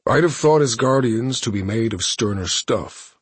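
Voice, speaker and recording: A man's voice: mid-range voice, lively intonation, husky, dry recording, voice pushed up. Thanos, as a man puts on a cold warlord. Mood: cold, measured. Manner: measured, condescending, clipped. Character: cold, calculating male alien warlord.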